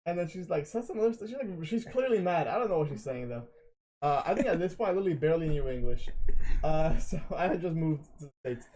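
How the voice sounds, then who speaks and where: Fast-talking young man telling stories. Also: fairly high pitch, lively intonation, mellow, a little hiss or hum, poor audio. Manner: rambling storyteller, swears a lot. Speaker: guest. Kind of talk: casual late-night podcast chat.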